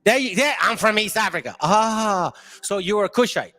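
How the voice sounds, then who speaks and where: A man's voice: high voice, animated, normal speed, sharp tone. A man hosting a livestream, arguing with and mocking viewers in the chat in a combative, confrontational way. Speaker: channel host. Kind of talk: livestream commentary reading chat.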